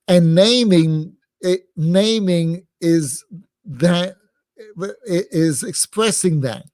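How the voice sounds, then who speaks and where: Digressive rabbi with a dry close sound. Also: male voice, on the high side, darkish tone, no room sound. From England. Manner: digressive, many restarts and fillers, self-amused. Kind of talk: rambling lecture.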